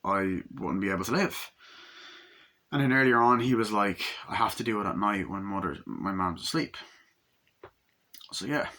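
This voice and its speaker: Guy rambling thru a movie recap, bright tense voice, swears a lot. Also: lowish voice, normal speed, pauses often. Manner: rambling, swears freely, jumps into quoted lines. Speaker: movie reviewer. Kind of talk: casual movie recap with acted quotes.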